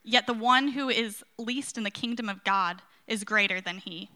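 Woman, scripture reading, measured, formal, bright clear tone, high voice. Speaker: scripture reader.

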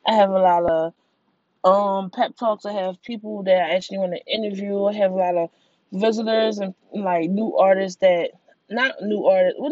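A woman's voice: medium pitch, a little mellow, dry recording, muffled recording. Slangy woman hosting a casual podcast. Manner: loose, slangy and repetitive, with lots of "like". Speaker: podcast host. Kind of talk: casual solo podcast monologue.

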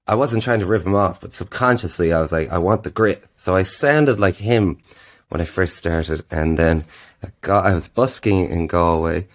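A man, a singer-songwriter guest, chatting casually on a podcast in a rambling, animated way. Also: deep voice, moderate pace. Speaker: guest musician. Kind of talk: casual chat.

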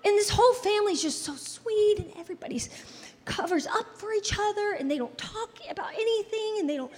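High-voiced woman preaching in a reverberant church. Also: a little fast. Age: 30s. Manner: animated, conversational preaching with playful asides to the congregation. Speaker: pastor. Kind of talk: sermon. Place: church sanctuary. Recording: long hall reverb in a church.

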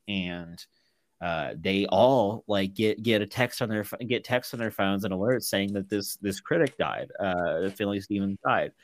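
Low-voiced man rambling through a film recap. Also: measured pace, dry recording. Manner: rambling recap with many fillers, acts out characters' lines. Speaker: podcast co-host. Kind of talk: casual film discussion.

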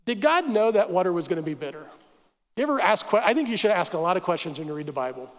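Man, pastor, sermon, high voice, animated storytelling, long hall echo. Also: fast. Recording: church hall reverb.

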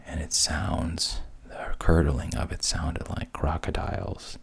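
A man narrating a fairy tale in a whispered role-play. His voice is extremely low and gravelly, and he speaks slowly. It stays hushed and unhurried throughout. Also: level tone. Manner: hushed, breathy, unhurried retelling. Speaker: storyteller.

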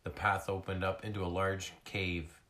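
A man reads a children's chapter book aloud, his deep voice slow and steady.

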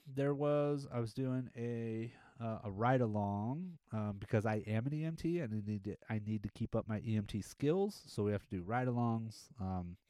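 A man's voice: on the low side, no room sound. A man, a firefighter hosting a podcast, telling stories in a rambling casual monologue and acting out the quotes. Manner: rambling, animated storytelling with acted-out quotes.

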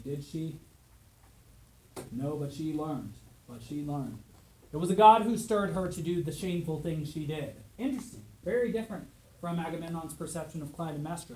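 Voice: medium pitch, mellow, roomy sound, a little hiss or hum, poor audio. A teacher giving a classroom lecture, reading dramatically from an epic and asking the class questions.

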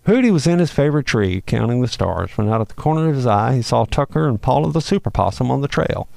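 A man hosting a show and reading a children's Christmas story aloud in a folksy, expressive way. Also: mid-range voice, fast, gravelly, dry recording. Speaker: host and storyteller.

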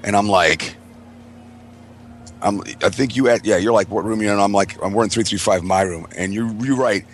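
A man's voice: lowish voice, moderate pace, slight background noise. A man telling a rambling, profane story in casual chat, acting out the quotes of everyone involved. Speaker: podcast co-host.

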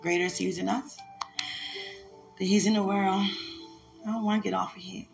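A woman's voice: mid-range voice, steady tone, normal speed, creaky, soft background music. A woman giving a heartfelt, emotional religious message, repeating herself and laughing often.

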